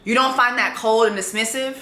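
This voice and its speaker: A woman's voice: on the high side, a little fast, pushed and bright, echoey room. A woman, telling a dating story in a vlog in a blunt, sassy way and reading texts aloud.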